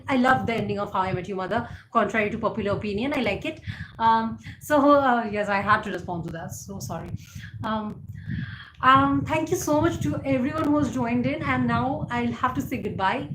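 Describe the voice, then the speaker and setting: Chatty woman, echoey room. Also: a little high. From India. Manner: chatty, frequent fillers, laughs easily. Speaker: livestream host. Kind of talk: casual live chat answering viewer comments. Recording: echoey room with background noise.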